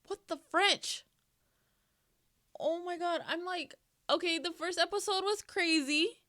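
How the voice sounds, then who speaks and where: A woman hosting a reaction channel, talking casually in an expressive, emotional way and swearing freely. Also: extremely high pitch, unhurried, no room sound, clean studio sound.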